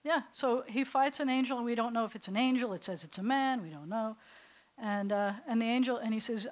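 A woman rabbi teaching a class, telling the story in an animated, conversational way. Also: on the high side, brisk. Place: synagogue classroom.

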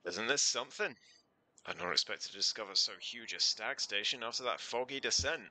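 A man voicing an old male station keeper in a measured, formal storytelling manner. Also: mid-range voice, pushed and bright, rough recording. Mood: wistful.

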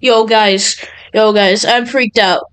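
A woman's voice: medium pitch, steady tone, slow, fairly bright tone, clear, resonant tone, low-quality recording. A young woman playing a horror game for her channel, nervous and jumpy as she talks to her viewers. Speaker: gaming channel host. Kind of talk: horror game let's play commentary.

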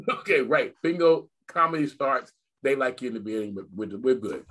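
An older man, a guest magician in casual video-call chat, telling stories in an animated way and repeating phrases for emphasis. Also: medium pitch, moderate pace.

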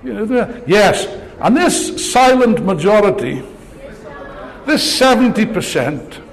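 A man's voice: high voice, sing-song, slow, gravelly. An older man giving a rousing political speech, sarcastic and full of rhetorical questions, before an audience in a large hall. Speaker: political speaker.

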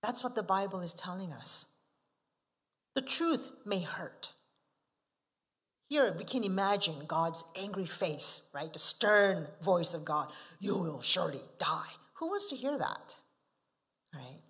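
A woman missionary delivers a sermon at an unhurried, deliberate pace, with a voice in the middle pitch range. She keeps putting rhetorical questions to the congregation. She drops to soft asides, then lands hard on key words. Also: big pitch swings. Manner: asks the listeners frequent rhetorical questions; emphatic, swinging from soft asides to forceful stresses. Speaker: missionary preacher.

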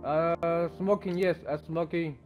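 Gamer guy, hesitant, repeats words, bit high, faint music. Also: fairly even intonation, takes it slowly, highs cut off. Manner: hesitant, repetitive, broken English. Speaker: player in a game. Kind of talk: in-game voice chat.

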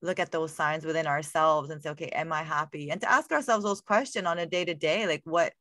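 A woman hosts a casual interview and muses aloud in loose run-on phrases. Her voice sits somewhat low, and the recording is dry, with no room echo. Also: a little fast, sharp tone. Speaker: host.

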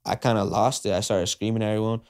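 A podcast guest with a fairly low, darkish voice speaks quickly in a steady tone, retelling a story in slangy, casual speech. He leans heavily on fillers like "like" and "uh" and acts out the quoted dialogue.

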